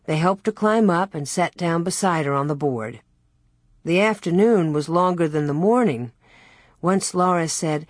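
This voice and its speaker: Husky low-voiced woman narrating. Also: a little slow, no room sound, studio quality. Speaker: audiobook narrator. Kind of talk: scripted narration of a children's novel.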